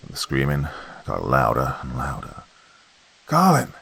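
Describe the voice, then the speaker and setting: Gravelly deep-voiced horror storyteller. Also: male voice, expressive, normal speed. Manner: folksy campfire telling, swings between loud and hushed. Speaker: horror podcast narrator.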